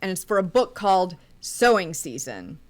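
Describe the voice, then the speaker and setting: A woman's voice: lowish voice, sing-song, moderate pace. A woman co-hosting a podcast, chattily recapping a movie scene by scene. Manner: chatty, recaps scenes step by step with small laughs. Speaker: podcast co-host.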